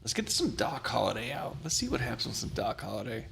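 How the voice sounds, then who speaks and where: A man's voice: mid-range voice, very animated, quick pace, vocal fry, a bit bright, a little hiss or hum. A man co-hosting a live bourbon show in casual chat, joking and laughing often. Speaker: podcast co-host.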